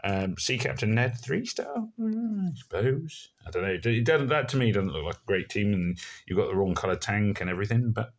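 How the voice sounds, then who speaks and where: Middle-aged Somerset man, low voice, casual gameplay commentator, rambly and self-mocking. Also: fast, few pauses. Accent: Somerset English. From Somerset, England. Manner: rambling and self-deprecating, with many fillers. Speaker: gaming video creator.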